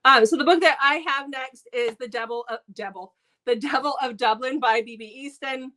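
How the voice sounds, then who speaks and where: A woman's voice: sits high, moderate pace, sharp tone. An American woman co-hosting a book review stream, chatting eagerly about audiobooks with plenty of fillers. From United States. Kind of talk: casual chat. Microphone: live stream mic.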